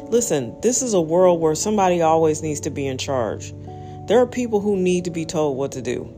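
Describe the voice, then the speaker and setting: A woman hosting a podcast, giving a blunt, emphatic opinion monologue that jumps into sudden high exclamations. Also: lively intonation, a little fast, mellow, soft background music. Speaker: podcast host.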